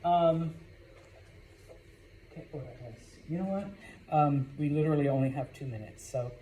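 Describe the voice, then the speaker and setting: A man's voice: on the high side, normal speed, mellow, slight background noise, rough recording. A man teaching a Spanish class in a classroom, talking casually with many fillers and checking in with "okay?". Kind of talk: classroom lecture.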